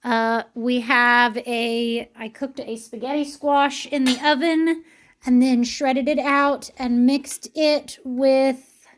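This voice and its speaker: A woman's voice: high voice, fairly even intonation, takes it slowly. A middle-aged woman vlogging about her family's meals in a casual, chatty way, with lots of ums and uhs. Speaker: homesteading mom vlogger. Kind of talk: casual vlog narration.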